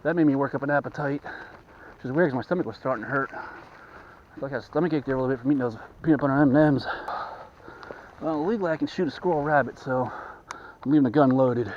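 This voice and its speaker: A man's voice: mid-range voice, fast talker, long pauses, lo-fi sound, slight background noise. A man out of breath, rambling and repeating himself as he narrates a hunt to the camera outdoors in thick brush in the rain. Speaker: hunting vlogger.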